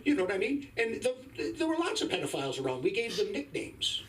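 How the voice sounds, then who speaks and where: A man's voice: sits high, wildly swooping pitch, quick pace, fairly bright tone, recorded from a distance. A man in his fifties doing a crude, wry stand-up comedy set on a club stage. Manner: crude, profane, wry storytelling.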